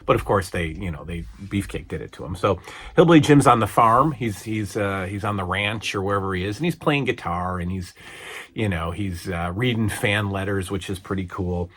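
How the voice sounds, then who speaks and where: Lowish-voiced rambling man reviewing wrestling. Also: normal speed, fairly bright tone, breathy edge. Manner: rambling, chatty, frequent fillers and restarts. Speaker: podcast host reviewing old wrestling shows. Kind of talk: casual retro wrestling review.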